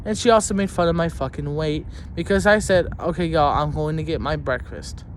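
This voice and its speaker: A vlogger telling a story as an angry rant, swearing constantly and shouting at times. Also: medium pitch, fairly quick, slight background noise.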